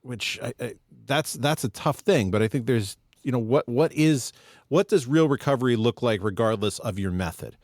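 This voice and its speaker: A man's voice: medium pitch, expressive, moderate pace, a little mellow, no room sound, studio quality. A man co-hosting a podcast about sobriety, thinking aloud in a reflective, casual way. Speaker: podcast co-host. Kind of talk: casual recovery podcast chat.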